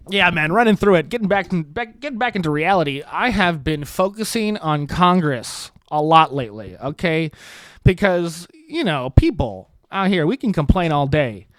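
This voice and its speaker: A man's voice: sits high, no room sound, studio quality. An American man hosting a solo podcast, talking in a sarcastic, rambling, self-mocking way. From United States. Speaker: podcast host.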